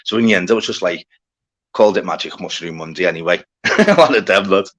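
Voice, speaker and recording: A man's voice: low-pitched, fairly quick, fairly bright tone. A man hosting a livestream, chatting casually and rambling to his viewers, full of slang and swearing as he greets people in the chat. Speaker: livestream host.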